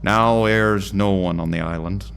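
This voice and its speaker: A man voicing an old-timey, gruff male boatman with a put-on Irish accent and slow, drawn-out delivery. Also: low voice, steady tone, a bit bright, a little hiss or hum, full character voice.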